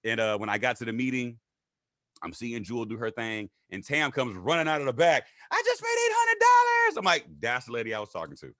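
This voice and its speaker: A man tells his story at a fast clip, full of energy. He acts out other people's words in raised voices. The sound is dry and close to the mic. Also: dry recording. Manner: animated, acts out quotes in high voices. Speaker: guest. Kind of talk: casual storytelling interview.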